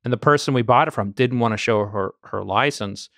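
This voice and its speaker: A man's voice: mid-range voice, fairly quick, vocal fry, a bit bright, dry recording, clean studio sound. A man co-hosting a podcast in casual chat, telling stories with many restarts. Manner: rambling storyteller with many restarts. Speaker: podcast co-host, bourbon collector.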